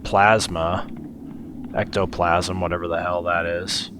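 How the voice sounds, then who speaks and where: Deep-voiced man reacting to a horror game. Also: unhurried, background noise. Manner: excitable, swearing at scares. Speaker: let's play host. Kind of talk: gameplay commentary.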